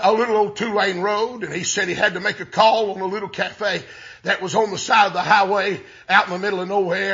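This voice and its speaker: Gravelly high-voiced preacher. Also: male voice, dull audio. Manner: folksy, drawn-out, builds to shouted exclamations. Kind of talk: storytelling sermon.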